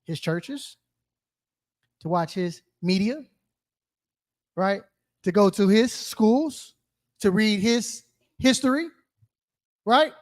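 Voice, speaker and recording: Speaking slowly with long pauses, a man whose voice sits high and sounds animated teaches scripture to a group in sermon style. He calls on people, poses questions, echoes their answers, and uses slang and a rhetorical "right?".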